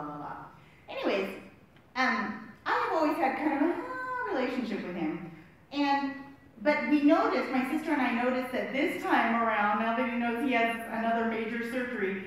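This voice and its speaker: A woman's voice: high-pitched, a bit bright. A middle-aged woman leading a women's Bible study in a chatty, self-deprecating way, with frequent asides and "right?" tags. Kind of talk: conversational Bible teaching. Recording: very echoey room.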